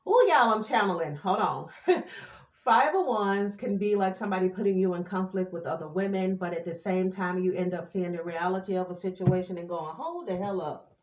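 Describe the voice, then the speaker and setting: This tarot reader talks briskly in a lowish voice, sassy and chatty as she does a casual reading for viewers and occasionally sings a bit. The sound is roomy, and the highs are cut off.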